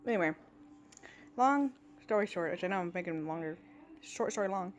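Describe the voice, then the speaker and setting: A woman's voice: on the low side, animated, moderate pace, a little hiss or hum. A woman in her thirties telling a workplace story in a casual vlog, exasperated and ranting, acting out what others said. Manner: exasperated, ranting, acts out quoted dialogue. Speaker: vlogger.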